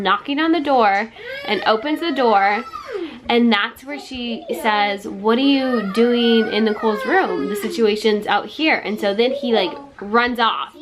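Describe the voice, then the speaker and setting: A woman talks to her viewers in a casual storytime vlog. Her retelling is chatty and quick. She slips into other people's quoted words as she goes. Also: fairly high pitch, noisy background. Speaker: vlogger.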